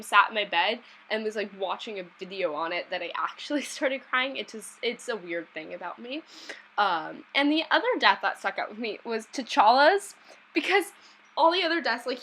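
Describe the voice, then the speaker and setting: A woman's voice: mid-range voice, sharp tone, a little hiss or hum, poor audio. A young woman chatting casually as a vlogger, rambling with many fillers and restarts. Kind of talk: casual chat.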